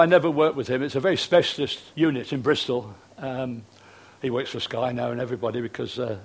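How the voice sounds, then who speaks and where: An older British man, a retired television producer, telling anecdotes to an audience with frequent fillers and restarts. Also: medium pitch. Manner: chatty storyteller, hesitant fillers and restarts.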